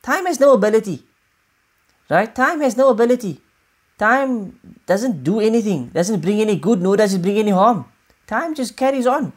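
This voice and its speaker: A woman giving a religious lesson, explaining scripture in a measured way and repeating key points for emphasis. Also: medium pitch, animated. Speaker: Quran teacher.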